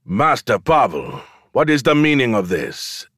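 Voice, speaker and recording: Guy voicing a big commanding lord, booming, full of contempt. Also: sing-song, measured pace, a bit bright, breathy edge, no room sound, studio quality, full character voice. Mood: stern. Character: powerful, commanding male lord, scornful.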